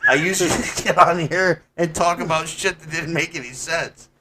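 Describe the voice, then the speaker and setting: A man's voice: fairly high pitch, moderate pace, bright, forceful tone, slight background noise. A man co-hosting a comedy podcast in a studio, crude and rambling as he jokes around in casual chat. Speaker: podcast co-host.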